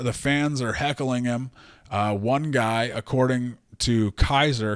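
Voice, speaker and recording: A man's voice: medium pitch, smooth, no echo. A man hosting a podcast, telling a story casually with lots of fillers and swearing. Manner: profane, animated storyteller with many fillers. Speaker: podcast host.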